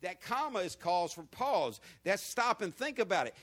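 A high-voiced man delivers a sermon. He asks the congregation question after question, climbing in pitch and volume on the repeated phrases, then sinking to a low murmur. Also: sing-song, moderate pace, hardly any pauses, a bit bright. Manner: preaching with big swings in pitch and volume, rhetorical questions to the congregation. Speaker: pastor.

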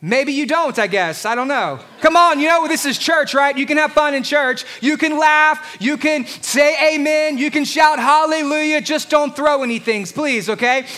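Male pastor, very high bright voice, playful sermon delivery in a church. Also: moderate pace, hardly any pauses. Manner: lively, joking with the congregation. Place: church hall. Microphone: handheld microphone.

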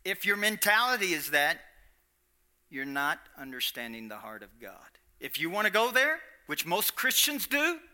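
Very bright-voiced, emphatic male preacher. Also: high-pitched, sing-song, moderate pace. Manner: emphatic, repeats lines, asks the audience questions. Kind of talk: sermon.

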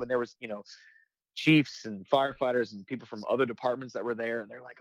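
A man's voice: medium pitch, steady tone, moderate pace, no room sound, low-quality recording. A man who works as a firefighter and makes comedy videos, telling a story in a casual interview, with lots of fillers and restarts. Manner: rambling, many restarts and fillers.

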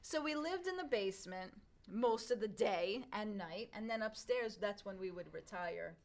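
A woman's voice: medium pitch, normal speed. A woman chatting casually, telling family stories with lots of laughter and acted-out quotes. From Long Island, New York. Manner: animated storyteller, laughs often, acts out quotes. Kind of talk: casual chat.

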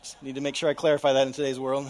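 A man preaching a sermon, dropping to a hush and then rising loud as he acts out voices. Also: mid-range voice, monotone, racing, slight background noise. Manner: dramatic, swings from hushed to loud, acts out voices in quotes. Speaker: pastor.

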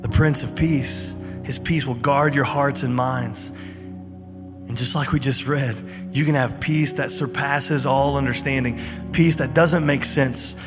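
A man gives a sermon in an informal, conversational way, like a pastor talking to his congregation. His voice carries a long hall reverb. Soft music plays clearly behind him. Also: mid-range voice, steady tone, takes it slowly. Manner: conversational, informal preaching with fillers. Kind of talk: sermon and prayer.

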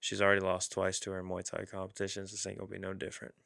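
A man co-hosting a casual chat, animated and profane, quick to laugh. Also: deep voice, creaky, no room sound, studio quality.

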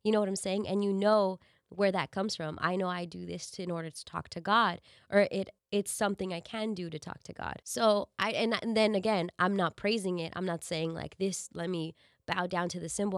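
A woman's voice: fairly low pitch, fairly even intonation, a little fast, dry recording, studio quality. A woman hosting her podcast with a cold, her voice nasal and congested, talking candidly and casually with some swearing. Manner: candid, profane, chatty. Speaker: podcast host and radio DJ. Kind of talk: casual solo podcast talk.

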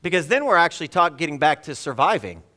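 A man's voice: a little high, very animated, quick pace, sharp tone. A middle-aged man preaching a storytelling sermon at a church service. He acts out dialogue in different voices and puts rhetorical questions to the congregation. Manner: asks the audience rhetorical questions.

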